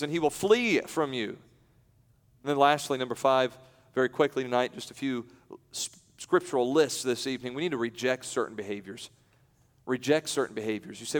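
A male pastor preaching a sermon in a conversational way, breaking off into quiet asides and then rising into loud, emphatic peaks. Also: medium pitch, brisk. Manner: conversational, with self-interruptions and light laughs. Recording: long hall reverb.

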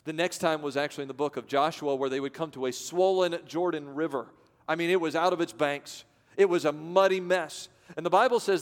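A man pastor preaching a sermon, swinging from loud to hushed and acting out voices. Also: fairly high pitch, fairly quick. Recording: long reverb of a large hall.

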